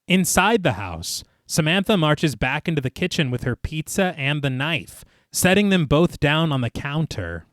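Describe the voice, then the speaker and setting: Man, podcast co-host, animated plot recap, dry close mic. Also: on the high side, normal speed, dry recording. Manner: narrates plot at length, lively.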